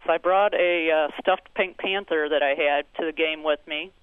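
A woman's voice: sits low, steady tone, moderate pace, smooth, no echo. A woman calling in to a radio show, telling a story in a chatty, folksy way. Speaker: caller. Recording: phone line.

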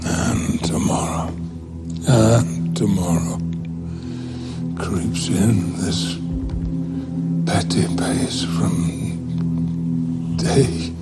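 An older actor playing a grief-worn, despairing king, delivering a classical soliloquy in a slow, hushed, often whispered voice, with music behind. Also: low-pitched, pitched below the performer's own voice. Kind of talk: classical stage soliloquy from a screen drama.

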